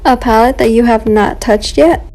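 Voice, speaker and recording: A woman's voice: fairly high pitch, moderate pace, a little mellow. A woman casually reading out a list of prompts for a makeup challenge. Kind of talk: social media challenge prompt.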